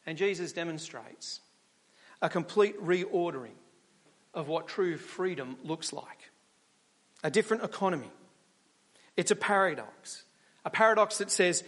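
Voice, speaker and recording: A man's voice: fairly high pitch, normal speed, pauses often. A man preaching a sermon, telling stories and asking rhetorical questions. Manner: animated storytelling with rhetorical questions. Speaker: pastor. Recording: long hall reverb.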